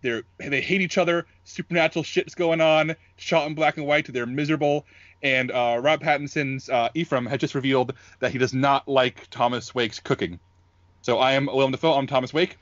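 A man hosting a podcast in casual chat, eager and quick when pitching his picks, on dull lo-fi audio. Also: steady tone, fairly bright tone, dry recording. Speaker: podcast host.

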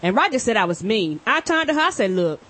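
A woman's voice: on the high side, big pitch swings, fast, fairly bright tone. A woman co-hosting a casual podcast chat, telling stories bluntly and matter-of-factly. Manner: blunt, matter-of-fact storyteller. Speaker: podcast co-host.

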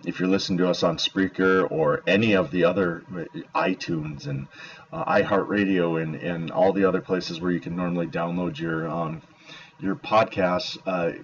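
A man's voice: low voice, vocal fry. A man co-hosting a casual podcast, rambling with plenty of fillers and emphatic opinions. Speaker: podcast co-host. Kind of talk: casual chat. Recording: dull lo-fi audio.

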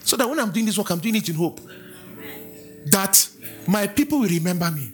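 Lively Nigerian preacher man. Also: high-pitched, a little fast, soft background music. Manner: lively, preaching with asides, chanted scripture and mimicry. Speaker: pastor. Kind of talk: sermon. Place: church.

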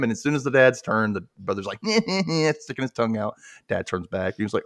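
A man's voice: fairly low pitch, a little fast. A man hosting a podcast, recapping a sketch show in casual chat, acting out bits and laughing often. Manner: animated storytelling, acting out lines, frequent laughter. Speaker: podcast host.

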